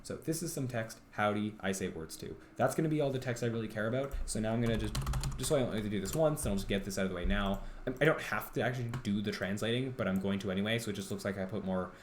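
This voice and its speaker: Brief: man, lowish voice, game dev streamer muttering to himself, faint typing behind. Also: rapid-fire, a little hiss or hum. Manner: rambling, self-talking, full of ums and restarts. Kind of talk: livestream thinking aloud while coding.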